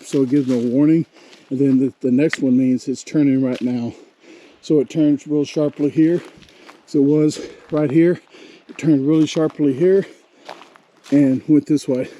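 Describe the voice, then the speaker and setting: A man talks into his handheld camera as he hikes, out of breath and rambling, often correcting himself in a folksy way. His voice is mellow and dark. A faint hiss of noise sits under it. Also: a little high. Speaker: outdoor vlogger. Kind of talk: casual hiking vlog talk. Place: forest hiking trail outdoors.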